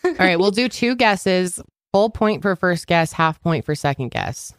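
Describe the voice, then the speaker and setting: A woman's voice: on the low side, lively intonation, no room sound, studio quality. A young woman co-hosting a casual podcast chat, running a guessing game with a playful, teasing manner. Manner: playful, teasing, quick to laugh.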